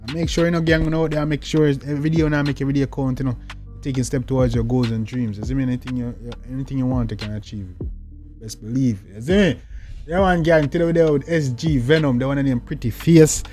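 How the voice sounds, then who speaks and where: With faint music underneath, a young man hosting a music reaction talks fast in a medium-pitched, slightly mellow voice with a Jamaican accent. He keeps up casual, slangy commentary full of catchphrases, saying "you see me" and "dog" again and again and bursting into outbursts.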